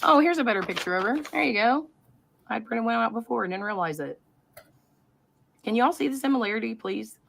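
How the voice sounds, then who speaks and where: A woman's voice: a little high, animated, fairly quick, gravelly, long pauses, fairly bright tone. Woman rambling through theories to her chat. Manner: rambling, conspiratorial, self-interrupting. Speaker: livestream host. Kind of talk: live-streamed commentary to chat.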